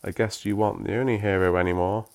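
A man doing a young woman in a storybook, urgent and bossy, short clipped commands, voice raised a little above his own deep tone, slightly louder. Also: fairly even intonation, quick pace, lightly acted. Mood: explaining.

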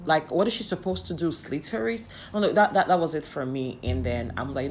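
A woman in casual storytelling, candid and lively, with exasperated asides and frequent laughs. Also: low voice, moderate pace, vocal fry, hardly any pauses, music in the background.

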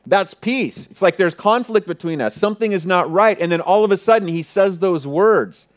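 A pastor preaching, retelling a personal story earnestly and often dropping to a hushed voice. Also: male voice, sits high, animated, normal speed. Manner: earnest, vivid retelling with many soft hushed passages. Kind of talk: sermon storytelling.

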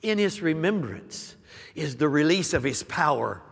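A man's voice: fairly high pitch, sing-song, a little slow, creaky, breathy edge. Man preaching emphatically in a reverberant hall. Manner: emphatic preaching with repeated phrases and rising declarations. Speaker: senior pastor. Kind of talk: live sermon. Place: large church sanctuary. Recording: live recording with long hall reverb.

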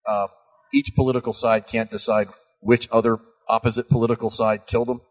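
A man's voice: mid-range voice, level tone, brisk. A man co-hosting a podcast in casual chat. He drops in dry, wry one-liners.

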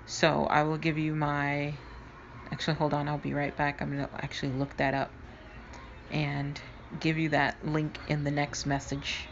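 A woman's voice: low-pitched, completely flat delivery, moderate pace, gravelly, dull audio, noisy background. A woman hosting her own podcast, chatting casually to her listeners with frequent fillers. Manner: chatty, informal, trailing fillers. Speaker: podcast host. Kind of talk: casual solo podcast chat.

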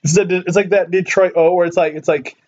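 High-voiced teasing man from California. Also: fairly even intonation, brisk, darkish tone, dull audio. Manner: chatty, teasing, laughs a lot, many restarts. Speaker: podcast host. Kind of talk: casual chat.

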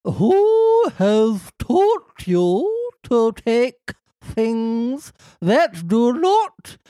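A man's voice: extremely high pitch, big pitch swings, warm tone, no echo, studio quality, pitched above the performer's own voice, full character voice. A man voicing a stern, ghostly old woman with a warbling, quavering voice, in a comic story reading. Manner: slow, stern, chilly.

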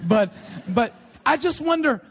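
High-voiced sarcastic preacher man. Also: expressive, measured pace, vocal fry, husky. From United States. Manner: sarcastic, conversational preaching with mock prayers. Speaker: pastor. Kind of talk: sermon.

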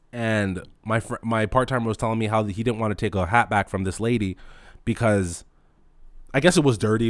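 A man's voice: medium pitch, dry recording, studio quality. A young man who manages a store, telling a story in an exasperated, mock-incredulous rant full of swearing.

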